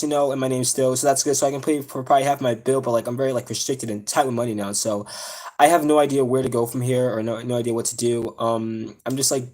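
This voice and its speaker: A man's voice: mid-range voice, a little mellow. A young man on a live stream telling a personal story, upset and close to tears, rambling with many fillers and restarts. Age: young adult. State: near tears.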